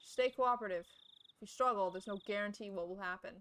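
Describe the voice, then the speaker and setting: A woman voicing a rough male kidnapper who speaks in a blunt, threatening way. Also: mid-range voice, quick pace, a bit bright, slight background noise, natural voice.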